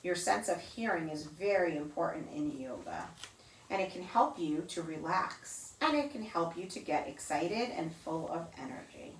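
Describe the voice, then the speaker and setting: A woman who teaches yoga to children reads a picture book aloud to them, mimicking sounds in a high, playful voice. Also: animated, moderate pace, recorded from a distance, a little hiss or hum. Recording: roomy echo, voice off-mic.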